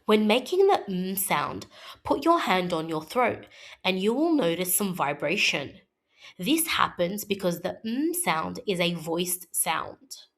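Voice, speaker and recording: A woman teaching a scripted phonics lesson for young children, modelling sounds slowly and clearly for them to repeat. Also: lowish voice, big pitch swings.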